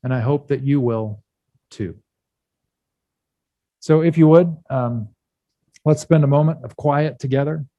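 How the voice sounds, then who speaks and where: A man's voice: medium pitch, warm tone, no room sound, lo-fi sound. Candid man preaching a sermon. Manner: candid, halting, with pauses and restarts. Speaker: pastor. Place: church.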